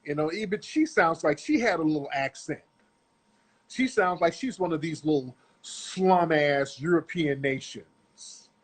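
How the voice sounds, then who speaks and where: Man, middle-aged, husky and somewhat high-pitched, lecturing his audience in a blunt, profane rant about a clip. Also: expressive, a little slow. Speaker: commentator. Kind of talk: ranting commentary on a video clip.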